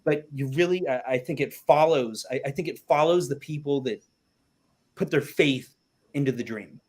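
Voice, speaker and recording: A man's voice: on the high side, moderate pace, darkish tone. A man hosting a podcast, talking casually and animatedly, swearing freely. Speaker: podcast host, artist. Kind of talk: casual chat.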